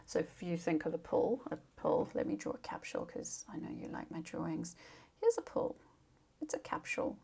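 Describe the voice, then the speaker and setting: Tired female teacher, low gravelly voice, dark tone, chatty vocabulary lesson. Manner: chatty, informal, with fillers and asides. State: tired, yawning. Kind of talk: casual recorded lesson.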